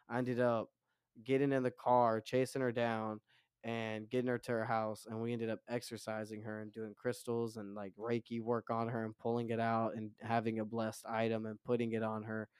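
A young man spins a wild tale as a podcast guest, swearing freely and acting out the voices. His voice is smooth and clear. The sound is close and dry, with no room echo. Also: mid-range voice. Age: 20s. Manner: profane, animated storyteller. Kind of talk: casual storytelling.

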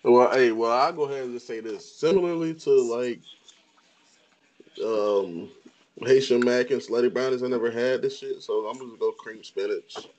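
A man's voice: mid-range voice, moderate pace, low-quality recording. Emphatic man in a casual chat. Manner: loud, emphatic interjections. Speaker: panelist.

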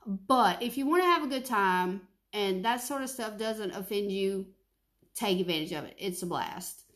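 A woman's voice: medium pitch, lively intonation, normal speed, fairly bright tone. A woman, telling family stories in casual chat and dropping frequent "like" fillers. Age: 30s. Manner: chatty storytelling, frequent "like" fillers.

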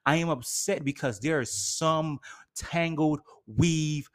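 A man's voice: a little high, takes it slowly. A man hosting a podcast, ranting theatrically with sarcastic asides. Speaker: podcast host. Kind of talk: solo podcast rant.

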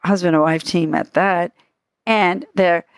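A woman's voice: lowish voice, steady tone, unhurried, clean tone, no echo, studio quality. A woman with a Boston accent, hosting a podcast and chatting casually, laughing often and repeating herself. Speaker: podcast host.

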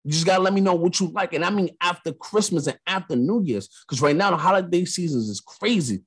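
A young man from New York with a New York accent, hosting a podcast and telling a story in a casual monologue, animated, acting out the lines of the people in it. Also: sits high, quick pace, husky. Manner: animated storyteller, acts out quotes. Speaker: podcast host.

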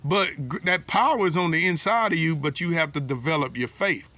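Bright-voiced man preaching a folksy sermon. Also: a little high, brisk. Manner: folksy, repeats words, Southern US dialect grammar. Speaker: lay preacher. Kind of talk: informal sermon with personal stories.

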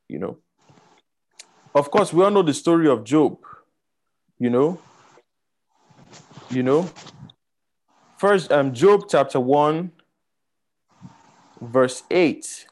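A man with a Nigerian accent teaching a sermon, animated and repeating words for emphasis, with many fillers. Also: mid-range voice. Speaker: Bible teacher.

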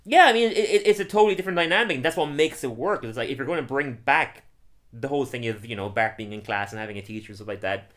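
Bright-voiced man recapping a cartoon. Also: medium pitch. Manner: animated storytelling, laughing often, doing quick silly voices for quotes. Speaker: podcast host recapping a cartoon episode. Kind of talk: casual chat.

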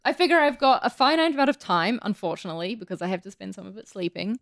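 A woman's voice: mid-range voice, sing-song, fast, fairly bright tone. A woman, a guest on a podcast, chatting casually and laughing easily. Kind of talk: casual chat.

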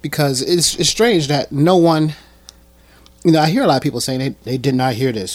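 A man commenting on a clip he plays for his viewers, animated and emphatic, often stammering and repeating words. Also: on the high side, fairly quick, no room sound. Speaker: video commentator. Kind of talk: reaction commentary.

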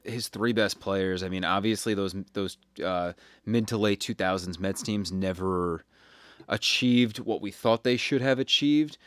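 A man in his thirties co-hosting a sports podcast, telling a story in a halting, wry way with many restarts. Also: fairly low pitch, no echo. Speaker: podcast co-host.

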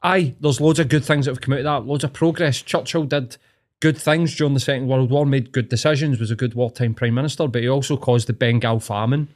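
A man's voice: medium pitch, fairly even intonation, brisk. A young Scottish man in casual conversation, talking bluntly and opinionated, swearing freely. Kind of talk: casual chat.

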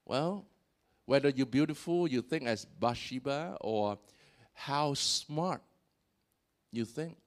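Animated male preacher. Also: slow pace, long pauses. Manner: animated, voice swells on key points and drops low after. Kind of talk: sermon.

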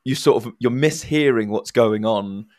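A man, co-hosting a podcast as a teacher, talking in a relaxed, reflective way. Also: mid-range voice, normal speed. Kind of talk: casual discussion.

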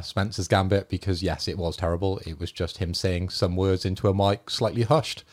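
Wry man hosting, fairly low voice. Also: a little mellow. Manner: wry, self-deprecating, brisk segment hosting. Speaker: podcast host. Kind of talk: casual banter among friends.

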